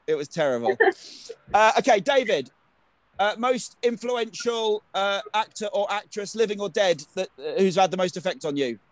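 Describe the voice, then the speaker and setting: A man's voice: high-pitched, animated, dry recording. A man interviewing fellow actors on a podcast, chatty and joking, with lots of ums and restarts. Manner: jokey, fast, filler-heavy storytelling.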